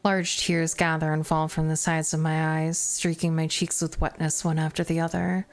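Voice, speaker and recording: A woman streamer reading a visual novel aloud, narrating in first person with expressive, self-mocking asides. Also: low voice, normal speed.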